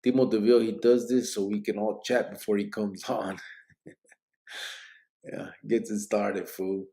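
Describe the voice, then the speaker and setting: Late at night on his live podcast, a yawning, drowsy man jokes easily through viewer comments he reads aloud, slipping in Spanish slang. He has a fairly low-pitched, mellow voice.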